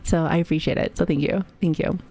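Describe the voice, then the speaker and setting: A woman streams live, chatting casually with viewers in a low, steady, gravelly voice with a dark tone and a quick pace. She swears freely, jokes, laughs often, and says she has been sick lately and is recovering.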